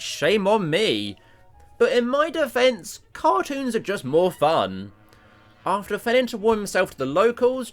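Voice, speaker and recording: A man narrating a cartoon review video with animated, self-deprecating jokes. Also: sits high.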